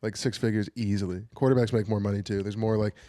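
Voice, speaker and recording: A man's voice: on the low side, fast talker, no room sound. A young man co-hosting a podcast, rambling and swearing through a loose casual chat. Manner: rambling, profane, animated storytelling with put-on whiny voices. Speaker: podcast co-host.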